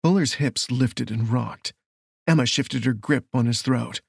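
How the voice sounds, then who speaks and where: A man reading a romance novel aloud in a steady, measured storytelling voice. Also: medium pitch, vocal fry, husky, no echo. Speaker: audiobook narrator. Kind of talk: scripted romance narration.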